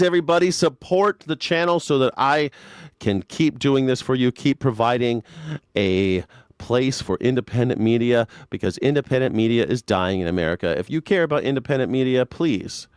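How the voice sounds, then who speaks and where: A man's voice: medium pitch, dry recording, clean studio sound. A man hosting a live news reaction show, talking in a crude, sarcastic and mocking way. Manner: sarcastic, crude and mocking, slips into exaggerated mimicking voices.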